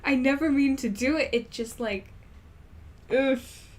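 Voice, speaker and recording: A woman's voice: high voice, measured pace, darkish tone. A young woman chatting casually to her own recording as she tries out accents, giggly and self-conscious, getting flustered at her own slips. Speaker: creator practicing accents.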